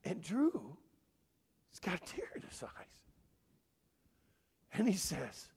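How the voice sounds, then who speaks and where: Older guy in his 60s preaching at a family conference, pretty high voice, swoops all over the place. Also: takes it slowly, long pauses, breathy edge. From Michigan. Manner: animated, emphatic, asks audience questions. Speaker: conference speaker. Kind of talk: sermon-style teaching.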